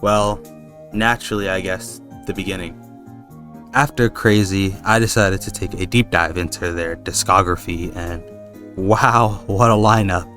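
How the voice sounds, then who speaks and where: A man's voice: deep voice, fairly even intonation, measured pace, a bit bright, faint music behind. A young man rambling casually in a vlog, slangy and swearing, calling his viewers bro. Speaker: video essayist.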